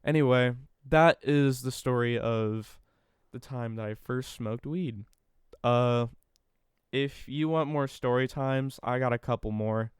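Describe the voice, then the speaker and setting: Young man, casual story time, rambling and swearing, smooth clear voice, dry close sound. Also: mid-range voice, slow pace, dry recording. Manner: rambling and profane, retelling with quoted back-and-forth. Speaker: vlogger.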